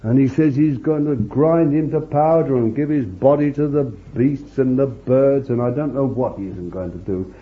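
A man's voice: mid-range voice, moderate pace, hardly any pauses. A man preaching an informal Bible storytelling sermon in a chatty, homely way, with frequent asides to his listeners. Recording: dull lo-fi recording.

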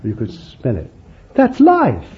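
A man's voice: medium pitch, wildly swooping pitch, takes it slowly. A man preaching a sermon in a folksy, conversational way, often adding "you see" as an aside. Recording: muffled lo-fi recording with faint hiss.

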